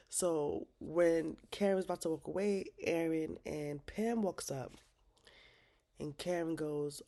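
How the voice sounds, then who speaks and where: A woman's voice: low-pitched, slow, warm tone. A woman vlogger recapping a TV drama episode in casual, slangy talk, swearing freely.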